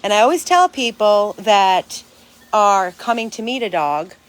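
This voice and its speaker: A woman's voice: medium pitch, sing-song, unhurried. Earnest, talkative woman vlogging outdoors. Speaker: dog rescue owner. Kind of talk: casual vlog to followers.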